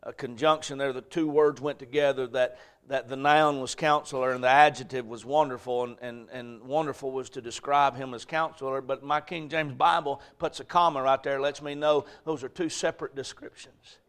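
A male pastor preaching a sermon, swinging between shouted emphasis and quiet storytelling. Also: mid-range voice, fairly even intonation, normal speed, hardly any pauses, clean tone. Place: church sanctuary.

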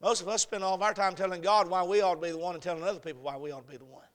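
A man preaching a sermon with passion, in rhythmic, repeated phrases that move from hushed to shouting. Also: sits high, fairly even intonation, racing. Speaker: pastor.

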